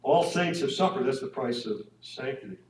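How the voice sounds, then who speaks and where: A man speaks at middling pitch and gives a relaxed, conversational talk to couples. He keeps checking in with his listeners through tag questions. His voice fills a reverberant room and reaches the mic from some distance, with a faint hum of room ambience. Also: normal speed. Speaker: speaker at a parish marriage evening. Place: church hall or meeting room.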